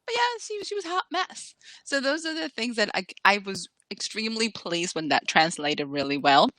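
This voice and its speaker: A woman author chatting in an interview, lively and acting out the people she quotes. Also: medium pitch, normal speed, dry recording. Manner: animated, acts out quoted voices. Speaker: author guest. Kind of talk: casual interview chat.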